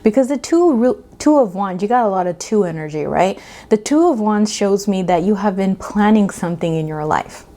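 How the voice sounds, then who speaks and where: A woman's voice: mid-range voice, lively intonation, moderate pace, warm tone. A woman giving a casual pick-a-card tarot reading, chatty and emphatic, often checking in with "okay?" and laughing between points. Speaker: tarot reader.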